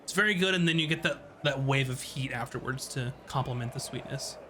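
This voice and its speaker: A man running a tabletop game as game master, narrating in a rambling, halting way full of fillers. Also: mid-range voice, background noise.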